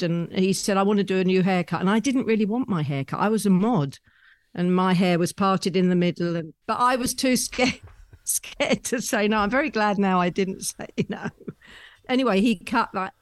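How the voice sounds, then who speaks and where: A woman, a guest telling rambling stories about her past with soft laughs. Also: medium pitch, dry recording. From London, England. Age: 70s. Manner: chatty, rambling storyteller with frequent soft laughs. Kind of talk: conversational anecdotes.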